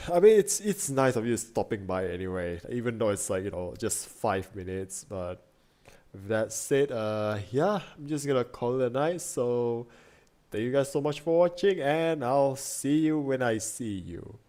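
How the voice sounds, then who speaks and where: A man's voice: medium pitch, lively intonation, a little slow, dark tone. A young man chatting casually with his stream chat, rambling with lots of fillers and restarts. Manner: rambling, many fillers and restarts, frequent laughs.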